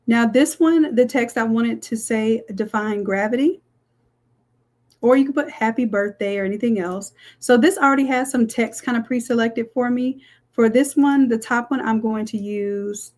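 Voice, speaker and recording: A woman's voice: on the high side, normal speed, darkish tone. A woman, walking viewers through a live design tutorial in a chatty way. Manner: chatty, says "y'all", talks viewers through steps. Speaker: design instructor. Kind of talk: live screen-share tutorial.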